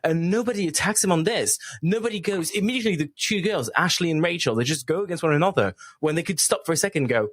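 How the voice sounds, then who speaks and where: A man's voice: fairly high pitch, lively intonation, fast talker, hardly any pauses, no echo. A man co-hosting a podcast, giving blunt, critical opinions in casual chat. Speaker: podcast co-host.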